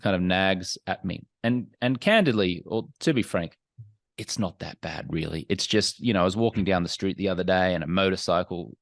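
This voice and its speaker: A man answers interview questions candidly, measured and thoughtful. His voice sits low. The sound is dry, with little room around it. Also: dry recording. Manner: frank, self-examining, measured. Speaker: podcast guest. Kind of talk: candid, reflective interview talk.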